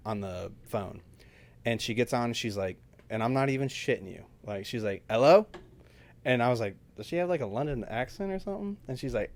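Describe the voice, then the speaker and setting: A young man hosting a podcast, telling a story in a casual, animated way and acting out what other people said. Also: medium pitch. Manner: animated storytelling, acts out quotes, says dude and bro. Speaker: podcast host.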